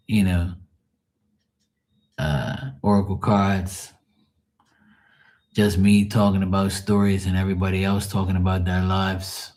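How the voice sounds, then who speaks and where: On his live tarot stream, a middle-aged man with a low, slightly mellow voice chats casually with his audience. His stories are blunt and full of swearing, and he greets viewers by name.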